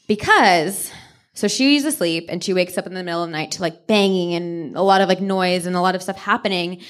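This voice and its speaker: A woman co-hosting a podcast live on stage, retelling a true ghost story with lively asides and quick character voices. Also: on the low side, vocal fry. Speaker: podcast co-host. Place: on stage before a live audience.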